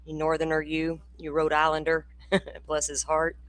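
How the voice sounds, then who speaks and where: A woman's voice: low voice, monotone, normal speed, a bit bright. An older Florida woman, hosting a casual livestream and chatting with viewers by name, laughing and swearing freely. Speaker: true crime channel host.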